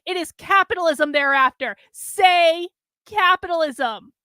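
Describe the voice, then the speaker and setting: A woman's voice: very high-pitched, unhurried, bright, forceful tone, no echo, voice pushed up, exaggerated voice. A woman voicing a fierce, tearful woman who screams her demands, in a comic fan story read aloud. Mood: screaming. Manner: screaming, roaring.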